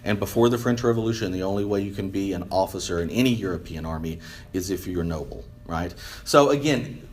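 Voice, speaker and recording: A man's voice: fairly low pitch, a little mellow. A man giving a casual history lecture, rambling with many fillers and often asking "right?". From United States. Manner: rambling, many ums and restarts, asks "right?". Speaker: history teacher.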